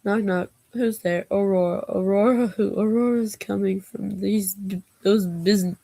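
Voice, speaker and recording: A woman's voice: medium pitch, steady tone, moderate pace, gravelly, warm tone, dry recording. A woman vlogger reading knock-knock jokes aloud, taking both parts herself and breaking off for giggly asides.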